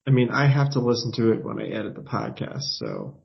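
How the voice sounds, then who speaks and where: A man hosting a podcast in casual chat, measured and dry. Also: on the low side, wildly swooping pitch, creaky, lo-fi sound. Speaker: podcast host and editor.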